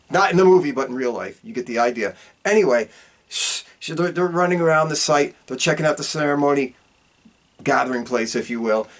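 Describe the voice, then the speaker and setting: A man of middle pitch tells a film's plot as a casual podcast host. His delivery is animated, jumping high and dropping low for effect. He swears freely and leans on a stock catchphrase. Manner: animated storytelling with big pitch swings; profane, repeats a catchphrase. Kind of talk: casual movie recap.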